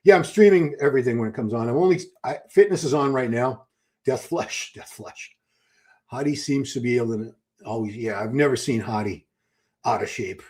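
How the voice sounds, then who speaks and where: A man with a darkish, mid-range voice hosts a live stream at normal speed. Chatty and enthusiastic, he reads viewers' questions aloud and frequently starts over mid-thought.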